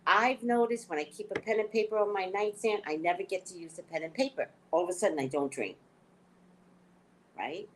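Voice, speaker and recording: A woman hosting a spiritual talk show, telling stories in a casual, animated way, often laughing and acting out her own thoughts. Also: mid-range voice, fairly quick, a little hiss or hum, rough recording. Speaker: psychic reader and show host.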